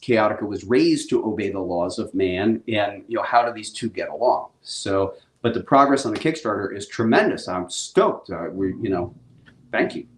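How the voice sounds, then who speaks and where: A middle-aged man, a comic book publisher, chatting casually and excitedly with viewers on a live stream, using laid-back slang. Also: fairly low pitch, moderate pace, a little hiss or hum, rough recording.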